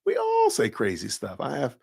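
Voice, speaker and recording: Southern guy rambling on his stream, dry close sound, middle pitch. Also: wildly swooping pitch, moderate pace, gravelly, darkish tone, slightly rough, no echo. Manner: chatty, rambling, self-correcting. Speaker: podcast host. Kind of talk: casual livestream talk.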